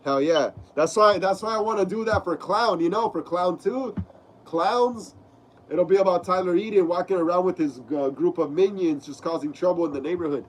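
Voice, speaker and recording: A young man with a cold-stuffed nose hosts a casual live stream from a room at home, reading the chat aloud and saying "bro" constantly. His voice sits high, he talks at a moderate pace, and there's slight background noise.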